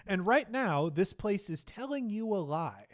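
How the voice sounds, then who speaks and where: A man narrating as game master in a tabletop game, halting with many fillers. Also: high voice, sing-song.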